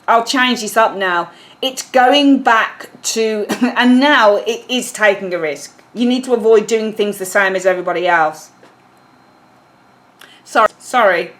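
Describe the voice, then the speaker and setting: Chatty woman reading tarot. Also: mid-range voice. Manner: chatty, apologetic, self-correcting. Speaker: tarot reader.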